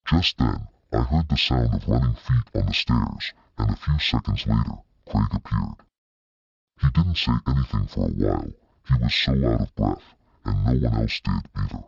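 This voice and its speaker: Deep, husky male narrator with dry wit, for a storybook read; dull, dry recording. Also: moderate pace, no echo. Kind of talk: scripted audiobook narration.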